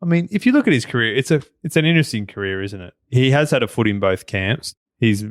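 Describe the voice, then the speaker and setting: A man's voice: mid-range voice, sing-song, fast, no echo, studio quality. A man co-hosting a casual podcast, joking and teasing with wry asides. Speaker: podcast co-host. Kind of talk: casual conversational podcast chat.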